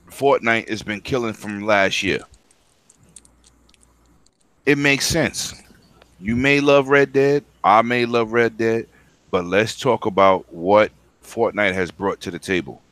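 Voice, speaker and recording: A man's voice: lowish voice, fairly bright tone, dry recording. A man co-hosting a gaming podcast who argues his point firmly and with emphasis. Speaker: podcast co-host. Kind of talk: casual chat.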